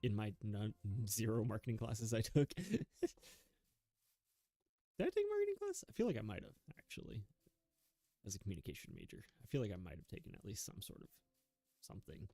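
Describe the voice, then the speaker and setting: A man's voice: fairly low pitch, huge pitch swings, brisk, creaky, pauses often, mellow, dry recording. A young man giving rambling, self-mocking commentary while playing a video game, chuckling often. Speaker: gaming YouTuber. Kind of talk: casual gameplay commentary.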